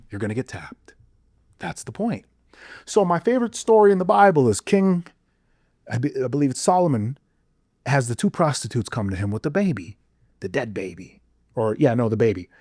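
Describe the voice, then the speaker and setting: Man, podcast guest, preachy monologue, rhetorical questions, mid-pitched, dry close sound. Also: very animated, normal speed, long pauses, dry recording. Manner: preachy, rhetorical questions, swings from low mutter to loud exclaims. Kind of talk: intense conversational monologue.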